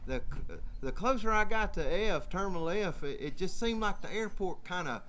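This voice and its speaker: A man's voice: high voice, expressive, moderate pace, fairly bright tone. Southern man spinning a laughing yarn. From Georgia. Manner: folksy, laughing often, acting out both sides of a conversation. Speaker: musician telling a story on stage. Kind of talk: humorous storytelling to a live audience.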